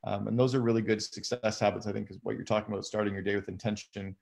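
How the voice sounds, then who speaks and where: A man talks through morning routines in an easy, conversational way. His voice sits low with a gravelly edge, and he lays out each point methodically, like a guest on a live chat. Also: little pitch movement, quick pace, a little mellow. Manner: conversational, explains habits step by step.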